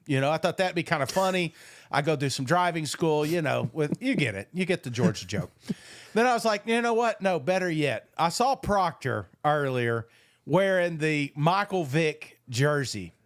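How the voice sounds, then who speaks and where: Boastful, animated man talking sports. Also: on the high side, no room sound, studio quality. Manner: animated, boastful banter with frequent swearing. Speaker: podcast co-host. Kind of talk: casual sports chat.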